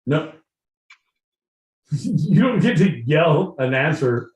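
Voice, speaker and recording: A man co-hosting a live-streamed podcast, telling a story loudly and profanely with lots of filler and rambling. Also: on the high side, very animated, drawn-out words, roomy sound, far from the mic, poor audio. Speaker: podcast co-host. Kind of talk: rowdy live-stream banter.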